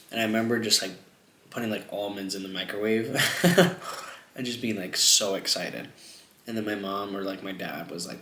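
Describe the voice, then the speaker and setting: A man's voice: lowish voice, normal speed, a bit bright. A young man chatting casually while eating on camera, rambling and jumping between topics with lots of filler words. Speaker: mukbang vlogger. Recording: echoey room.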